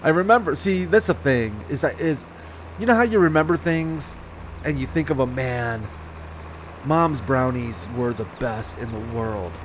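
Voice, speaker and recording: A man's voice: medium pitch, animated, unhurried, a little hiss or hum. A man chatting casually over his farming game, rambling and correcting himself as he goes. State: slight hiccups. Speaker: gaming channel host. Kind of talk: casual let's-play commentary.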